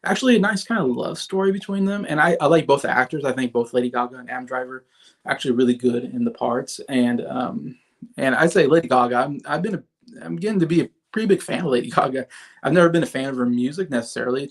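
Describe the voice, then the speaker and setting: A man in his thirties with a mid-range voice speaks fast while hosting a casual livestream. He reviews movies in a rambling way, full of fillers and restarts, and chats with viewers in the comments.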